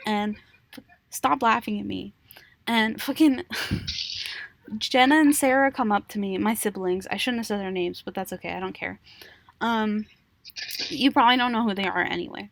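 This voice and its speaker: A woman's voice: on the high side, normal speed, gravelly, long pauses, a bit bright, no room sound. A young woman co-hosting a casual podcast, rambling through a story with giggles and frequent swearing. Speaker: podcast co-host. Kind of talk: casual chat.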